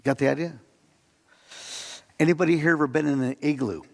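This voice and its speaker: A man delivers a sermon in a church sanctuary, his voice a little high with a gravelly edge. He preaches conversationally, asking the congregation questions and acting out quotes. A long reverb from the hall trails each phrase. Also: steady tone, brisk. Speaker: pastor.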